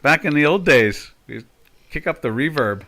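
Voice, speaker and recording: An older man hosting a live trading stream talks at a normal speed in a somewhat high, animated voice with a fairly bright tone. He's chatty and thinks out loud while he fixes his settings.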